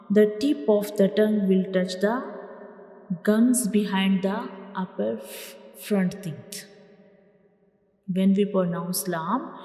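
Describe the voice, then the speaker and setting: A woman who teaches Quran reading gives a slow, step-by-step lesson on letters in a mid-range voice. Patiently, she repeats each letter sound loudly for her learners. The room is echoey with a long reverb.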